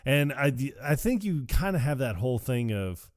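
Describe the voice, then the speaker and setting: A man co-hosting a podcast, casually retelling a movie's plot and acting out the characters' lines in quick put-on voices. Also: mid-range voice, big pitch swings, no echo, clean studio sound. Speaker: podcast co-host. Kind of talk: casual movie recap chat.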